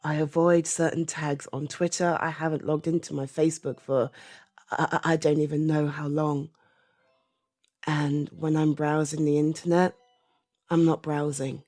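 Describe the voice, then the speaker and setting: A British woman in her thirties, an audio creator, giving a soft-spoken personal opinion monologue, halting and often trailing into a whisper. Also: low-pitched, flat delivery, no echo. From Britain. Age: 30s.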